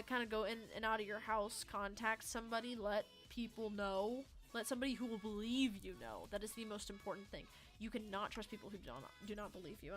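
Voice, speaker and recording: A woman's voice: mid-range voice, a bit bright. A young woman of about eighteen streaming a game, rambling in casual chat, swearing freely and answering her chat. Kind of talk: casual livestream chat while gaming.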